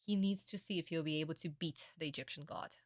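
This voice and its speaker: A young woman streamer in a casual reaction stream, excitable and gushing, swearing often. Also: deep voice, fast talker, no echo, clean studio sound.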